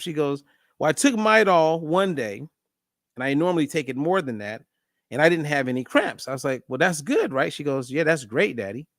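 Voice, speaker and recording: A man's voice: a little high, no room sound, clean studio sound. A middle-aged man hosting a casual monologue, telling a story and acting out the dialogue. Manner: animated storyteller, acts out dialogue. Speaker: host.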